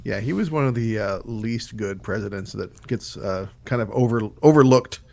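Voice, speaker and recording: A man co-hosting a movie podcast, talking through the film in a measured, analytical way. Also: lowish voice, gravelly, darkish tone. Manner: measured, analytical, history asides. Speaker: podcast co-host. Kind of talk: casual movie review chat.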